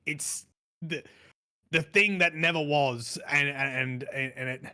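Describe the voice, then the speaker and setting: A man's voice: on the high side, slow, pushed and bright. A man co-hosting a gaming podcast, talking in a reflective, rambling way with frequent restarts. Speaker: podcast co-host. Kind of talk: casual podcast chat.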